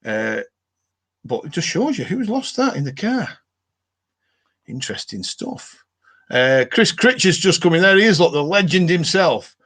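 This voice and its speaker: A man's voice: fairly high pitch, very animated, measured pace, pauses often, fairly bright tone. Chatty northern English man hosting live. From northern England. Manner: rambling, lots of fillers and restarts. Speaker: live stream host. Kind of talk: casual live chat reading comments.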